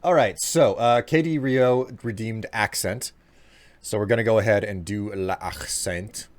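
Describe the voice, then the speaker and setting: A man's voice: fairly low pitch, unhurried. A man streaming a game live, chatting casually to his viewers while congested from allergies. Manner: chatty, talks straight to his chat, self-mocking. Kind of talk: live gameplay commentary.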